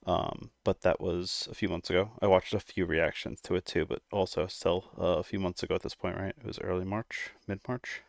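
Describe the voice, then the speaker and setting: Man, reaction host, low flat voice, out of breath, hesitant casual chat, dry close sound. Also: a little fast, vocal fry, few pauses, dry recording. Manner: hesitant, many fillers.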